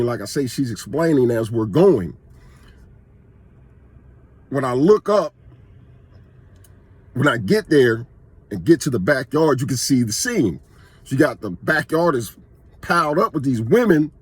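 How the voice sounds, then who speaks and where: A man's voice: medium pitch, darkish tone, husky, no room sound. A man vlogging, telling a personal story in a casual, conversational way that is emphatic and full of restarts.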